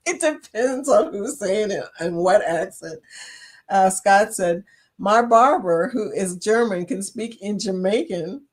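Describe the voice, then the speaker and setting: A woman's voice: mid-range voice, unhurried, a little mellow. A woman from Chicago hosting a casual live chat, reading viewers' comments aloud and laughing often. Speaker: livestream host reading chat.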